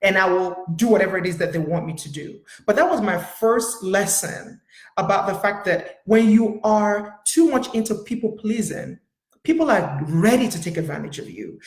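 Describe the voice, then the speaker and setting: A woman's voice: mid-range voice, roomy sound. A woman therapist sharing a personal story in an earnest, storytelling way, with many fillers. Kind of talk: personal talk to camera.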